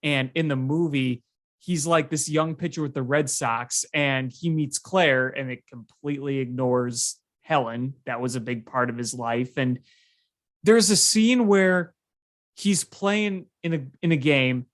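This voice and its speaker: A sports podcast co-host in casual chat, telling stories in an animated, ranting way. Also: mid-range voice, a little slow. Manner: animated storyteller, ranting about bad movies.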